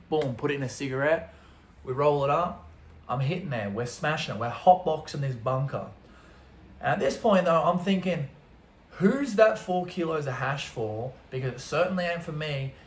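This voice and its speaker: A young man, a travel vlogger, telling a story casually to camera in an animated way, throwing in sound effects. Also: fairly high pitch, a little hiss or hum. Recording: roomy echo.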